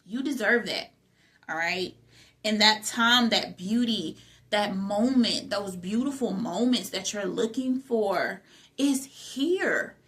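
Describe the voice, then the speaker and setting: A woman's voice: medium pitch, measured pace, a bit bright. A young adult woman, host of her own channel, giving an emphatic motivational talk about spiritual growth, repeating phrases and asking rhetorical questions.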